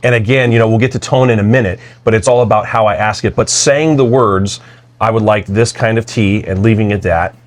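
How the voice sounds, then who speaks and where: A man co-hosting a podcast, speaking in a thoughtful, slightly halting and agreeable way. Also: lowish voice. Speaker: podcast co-host. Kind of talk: casual conversational podcast.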